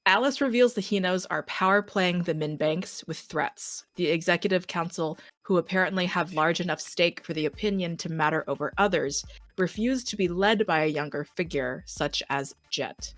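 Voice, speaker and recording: A young woman acting as game master, reading a campaign recap in a brisk, matter-of-fact way. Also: fairly low pitch, fairly bright tone, no room sound.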